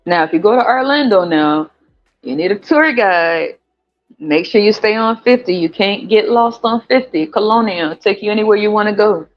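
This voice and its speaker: Laughing cussing guy w a country twang, chatting live, muffled lo-fi audio, faint music behind. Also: normal speed. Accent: American country. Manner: animated, profane, laughs often, jumps into high squeals. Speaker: podcast host. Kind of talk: casual livestream chat with viewers.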